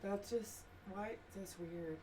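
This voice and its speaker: A woman's voice: medium pitch, takes it slowly, darkish tone, slight background noise. A woman streamer chatting playfully with her co-host and chat while playing a game live.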